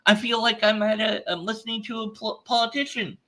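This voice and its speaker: A man's voice: sits high, steady tone, a little fast, bright, forceful tone. A man commenting on an online debate exchange, exasperated and ranting, acting out little scenes with quoted voices. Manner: exasperated, ranting, acts out store clerks in quotes. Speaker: atheist commentary streamer. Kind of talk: reading and reacting to a debate exchange.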